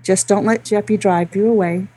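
A woman's voice: mid-range voice, steady tone, moderate pace, noisy background. A woman speaking on a casual gaming podcast, friendly and lightly teasing. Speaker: podcast co-host. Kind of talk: casual chat.

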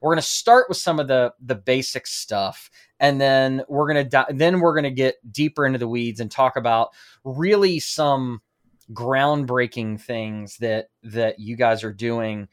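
A man's voice: mid-range voice, unhurried. A man hosting a podcast, talking in an upbeat, enthusiastic way as he interviews a guest. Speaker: podcast host.

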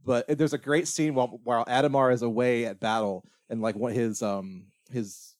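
A man's voice: mid-range voice, fairly even intonation, normal speed, no echo, clean studio sound. Man rambling through a casual movie recap. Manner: rambling retelling full of "like" and restarts. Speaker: podcast co-host.

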